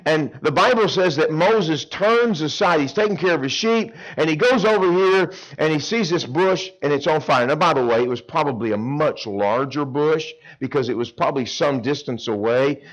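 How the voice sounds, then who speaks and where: A middle-aged man preaching an animated sermon to teenagers at a camp, telling stories with acted-out voices and swinging between loud and hushed. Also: mid-range voice, poor audio. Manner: dramatic storytelling, acts out characters, swings between loud and hushed. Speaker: camp speaker.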